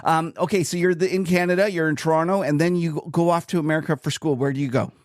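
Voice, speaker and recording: A man's voice: on the high side, steady tone, quick pace, no room sound, clean studio sound. A man hosting a podcast, asking questions casually and searching for his words as he goes. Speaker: podcast host.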